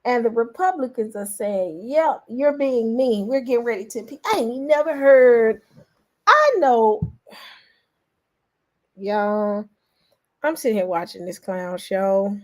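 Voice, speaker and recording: A woman, a vlogger giving lively reaction commentary and talking straight to her viewers. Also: a little high, slow, long pauses. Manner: animated, exclaiming, addresses viewers as y'all.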